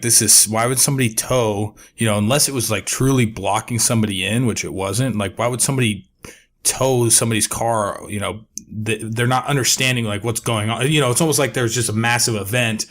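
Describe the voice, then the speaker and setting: A young man co-hosting a podcast, telling a long story in a profane, animated way. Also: lowish voice. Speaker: podcast co-host. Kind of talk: casual storytelling.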